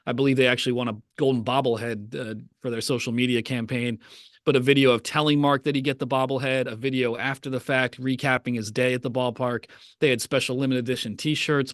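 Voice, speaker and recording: A man's voice: medium pitch, a bit bright, no room sound, studio quality. A man co-hosting a podcast, chatting casually in a rambling way with many fillers and restarts. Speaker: podcast co-host, writer. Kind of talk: casual chat.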